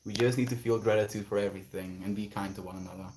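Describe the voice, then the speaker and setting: A man's voice: lowish voice, steady tone, fast talker, darkish tone, a little hiss or hum. A man on a casual livestream outdoors, reading viewer messages aloud and musing on them in a reflective way. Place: outdoors, quiet spot.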